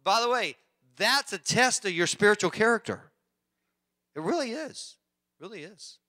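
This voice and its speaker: A man pastor preaching a sermon in church, animated and joking with the congregation. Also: sits high, moderate pace. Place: church sanctuary.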